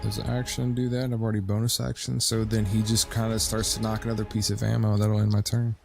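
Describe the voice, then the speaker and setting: A man's voice: on the low side, flat delivery, quick pace, vocal fry, over music. A man casually explaining his moves as a player in a tabletop game.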